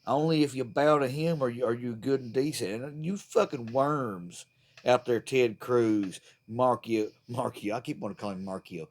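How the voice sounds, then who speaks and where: A man's voice: mid-range voice, normal speed. A man delivering a profane, fired-up, rambling political rant to the camera. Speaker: vlogger.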